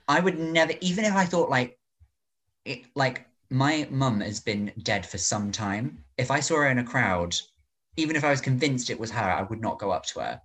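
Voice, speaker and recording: A man's voice: mid-range voice, animated, moderate pace, a bit bright. A man co-hosting a podcast, chatting loosely with lots of "like" and jokey reactions. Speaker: podcast co-host. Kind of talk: casual chat.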